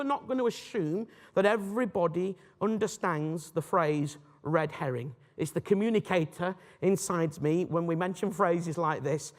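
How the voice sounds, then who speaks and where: A man's voice: sits high, big-room sound. A man teaching a lesson on apologetics, talking in a loose, conversational way and often correcting himself mid-sentence. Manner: conversational, animated, self-correcting. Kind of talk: recorded lecture.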